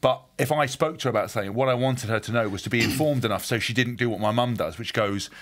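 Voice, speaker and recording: English male co-host, brisk anecdotal delivery, quick pace. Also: medium pitch, fairly bright tone. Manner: fast storytelling with acted quotes. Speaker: rugby player and co-host. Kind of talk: casual podcast chat.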